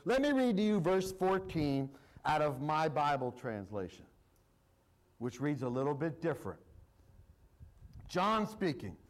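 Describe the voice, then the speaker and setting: A man's voice: fairly high pitch, low-quality recording. A male pastor preaching a sermon, reading scripture aloud and repeating his points with emphasis.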